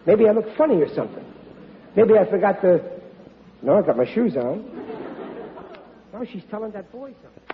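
A man's voice: high voice, sing-song, brisk, creaky, long pauses, echoey room, big-room sound, some chatter behind, slight background noise, full character voice. Flustered blundering family man. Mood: bemused. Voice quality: flustered, stammering, folksy. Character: blundering, good-hearted working-class family man. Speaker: lead character Chester Riley. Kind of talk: 1940s radio acting. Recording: dull old radio recording with audience laughter.

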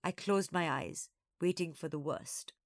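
A woman storyteller reading a children's story aloud, expressive and acting out each character. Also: low voice, a little slow, no echo, studio quality.

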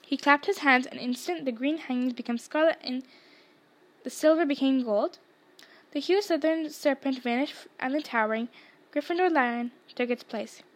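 High-voiced woman reading a storybook. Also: normal speed. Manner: reads the story aloud, small shifts for dialogue. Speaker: narrator. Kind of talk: storybook read-aloud.

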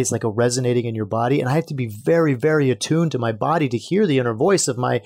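A man's voice: mid-range voice, fast talker, few pauses, a little mellow. Male podcast host, earnest teaching tone, lightly sermon-like. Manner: earnest, preachy, addresses listeners as brothers. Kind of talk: solo podcast teaching talk.

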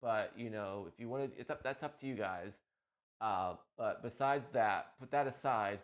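A man's voice: fairly low pitch, moderate pace. A man streaming on Twitch, talking to his viewers in a rambling, heartfelt way, often repeating himself and getting emotional. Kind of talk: casual heartfelt talk to viewers. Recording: dull lo-fi stream mic.

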